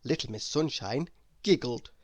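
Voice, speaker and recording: A woman narrating a children's bedtime story aloud, slow and expressive. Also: extremely low pitch, a little hiss or hum.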